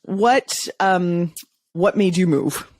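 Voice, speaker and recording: A woman's voice: lowish voice, extremely slow, darkish tone, no room sound. A woman hosting a podcast interview, enthusiastic and casual in her questions. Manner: enthusiastic, casual, uses fillers. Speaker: podcast host. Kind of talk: interview conversation.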